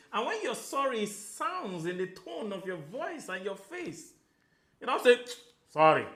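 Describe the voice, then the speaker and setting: A man with a Nigerian accent giving a motivational Q&A talk as a real estate coach, animated and acting out voices with Pidgin asides. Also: high-pitched, echoey room.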